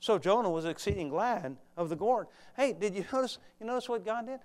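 A fervent male preacher whose high voice rings clear and smooth. He preaches to his congregation, moving between hushed asides and loud, urgent exhortation. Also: fairly quick. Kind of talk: sermon.

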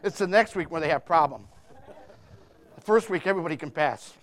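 A man preaching a sermon without notes, swinging from loud shouted declarations to soft, hushed reassurance, with lots of repetition and emphasis. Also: on the high side, expressive, brisk. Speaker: pastor. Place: church.

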